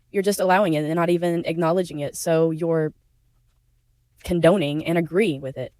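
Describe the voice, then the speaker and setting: A woman's voice: fairly low pitch, darkish tone, clear, resonant tone, dry recording. A woman giving blunt, indignant opinion commentary, emotional and outspoken about being a victim herself. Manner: indignant, blunt, swears when upset. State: emotional, near tears at times. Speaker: YouTube commentary creator.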